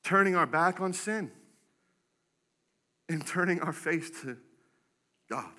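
A man preaching a sermon as pastor, telling stories with animated acted-out voices. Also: on the high side, slow. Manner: animated storytelling, acts out quoted voices. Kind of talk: energetic sermon.

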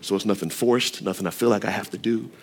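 A man's voice: lowish voice, fast talker, slight background noise. A man preaching a casual, conversational sermon, often checking in with the listeners and adding light self-deprecating humor. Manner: conversational, lively, asks the room often. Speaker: pastor.

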